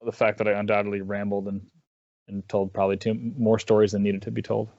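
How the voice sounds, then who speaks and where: A man's voice: on the low side, completely flat delivery, quick pace, a little mellow, no echo, dull audio. A man chatting casually as an interview guest, rambling with lots of restarts and self-deprecating asides. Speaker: guest caster.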